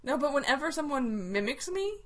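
A woman's voice: sits high, very animated, brisk, a bit bright. A woman co-hosting a gaming podcast, chatting casually, teasing and laughing often. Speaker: podcast co-host.

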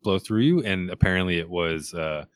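A man's voice: low voice, lively intonation, moderate pace, clear, resonant tone, no room sound. A man co-hosting a casual book podcast, thoughtful and talking through ideas with restarts. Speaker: podcast co-host discussing a book. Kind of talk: casual chat.

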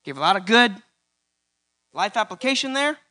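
High, bright-voiced preacher man. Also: very animated, normal speed. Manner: rising to loud emphatic peaks, repeating key lines. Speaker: pastor. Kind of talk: sermon.

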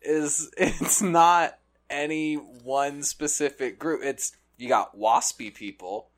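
A man's voice: on the high side, slow pace. A man in casual conversation, tossing out wry quips and laughing easily.

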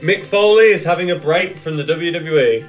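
A man's voice: a little high, normal speed, faint music behind. A man hosting a podcast, reading out news items in a jokey, giggly way. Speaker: podcast host, news reader. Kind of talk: casual chat.

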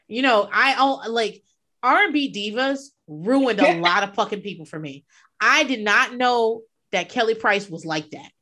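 A woman's voice: a little high, lively intonation, measured pace, sharp tone. A woman co-hosting a casual chat, blunt and profane, laughing often.

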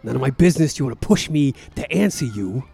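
A man's voice: medium pitch, lively intonation, fast, gravelly, dark tone, slightly rough. A man playing a profane, melodramatic mobster-type in a coma who broods and snarls in an improvised comedy bit. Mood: snarling. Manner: brooding, foul-mouthed, melodramatic.

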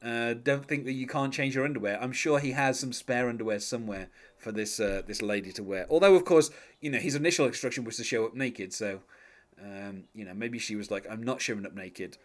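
An English man co-hosting a relaxed chat about a song, wry and chatty, breaking into laughter as he goes. He slips into a low murmur when quoting lyrics. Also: brisk. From England. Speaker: podcast co-host. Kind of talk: casual chat about music.

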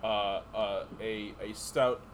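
A man's voice: lowish voice, steady tone, slow pace, a little hiss or hum. A man co-hosting a podcast in casual comedic chat, rambling and joking. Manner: rambling, joking, breaks into laughter. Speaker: podcast co-host.

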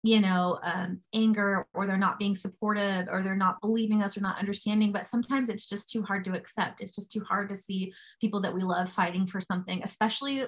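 A woman's voice: mid-range voice, fairly even intonation, fairly quick, few pauses. Effusive young woman co-hosting a podcast. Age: young adult. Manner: effusive and encouraging. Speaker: podcast co-host. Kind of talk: warm interview wrap-up.

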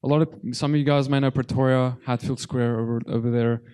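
A man preaching a personal testimony sermon to a congregation, halting and repeating words as he speaks, his voice tearful. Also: medium pitch, fairly even intonation, warm tone, clear, resonant tone.

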